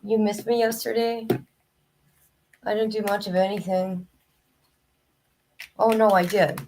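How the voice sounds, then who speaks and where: A hoarse woman hosting a live stream, chatting casually and greeting her viewers by name. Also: mid-range voice, level tone, measured pace, darkish tone, slight background noise. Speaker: livestream host. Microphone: new desk microphone, headset off.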